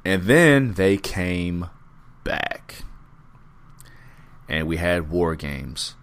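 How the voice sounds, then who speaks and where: On a wrestling podcast, a male co-host speaks with a low, very animated, slightly bright voice. His manner is casual and foul-mouthed, with drawn-out recaps.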